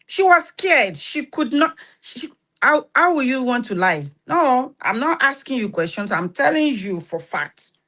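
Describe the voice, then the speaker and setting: A Nigerian woman with a Nigerian accent hosts an advice talk, telling stories in an animated, preachy way and acting out the dialogue. Her voice sits high, and she speaks a little slowly.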